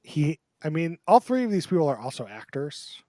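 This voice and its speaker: A man's voice: a little high, very animated, moderate pace, mellow, no room sound, clean studio sound. A man co-hosting a casual podcast chat, talking loosely and acting out quotes in put-on voices. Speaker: podcast co-host.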